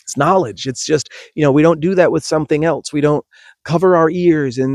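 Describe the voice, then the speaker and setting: A man's voice: fairly high pitch, brisk, a little mellow, dry recording. Man, yoga teacher, podcast monologue, emphatic, restarts a lot, dry close recording. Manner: passionate, emphatic, with frequent restarts.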